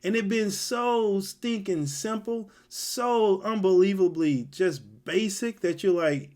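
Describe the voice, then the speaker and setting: A man giving a sermon, reading scripture aloud and acting out the characters' lines in an animated way. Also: high voice, takes it slowly, few pauses. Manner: animated, reads scripture then acts out characters' voices. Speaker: Bible teacher.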